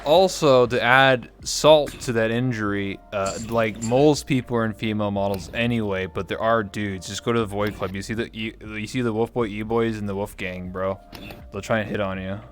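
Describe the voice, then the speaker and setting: A man co-hosting a live stream, making quiet, joking asides in casual chat. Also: on the low side, fairly even intonation, normal speed. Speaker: stream co-host.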